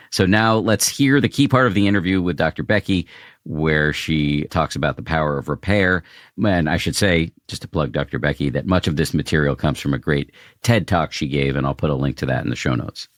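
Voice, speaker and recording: A man's voice: very deep voice, no room sound, clean studio sound. A man hosting an interview podcast, wry as he sets up segments and questions his guest. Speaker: podcast host.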